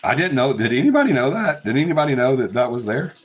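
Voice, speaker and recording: A man's voice: medium pitch, sing-song, fast talker. A man hosting a casual live stream, breaking into fits of laughter. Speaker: paranormal live-stream host.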